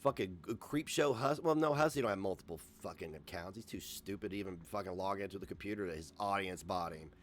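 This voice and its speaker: A man's voice: low voice, fast talker, hardly any pauses. A man ranting on a livestream, profane, combative and sarcastic. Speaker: livestream host.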